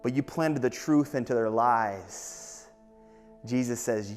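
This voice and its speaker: Pastor, man, average pitch; earnest storytelling sermon in a big echoing sanctuary. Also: slow pace. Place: church sanctuary. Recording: long hall reverb, faint music behind.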